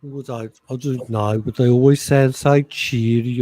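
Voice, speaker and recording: A man's voice: medium pitch, steady tone, unhurried, dark tone. A man co-hosting a casual radio chat show, joking while reading listener messages.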